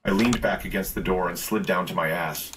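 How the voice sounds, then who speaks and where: Male narrator for a scripted horror read, low register, measured and tense. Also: crowd noise, rough recording.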